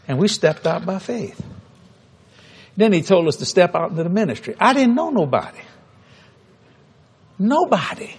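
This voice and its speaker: A preacher telling a story in a sermon, animated and humorous, acting out the dialogue. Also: male voice, fairly high pitch, normal speed, pauses often, breathy edge.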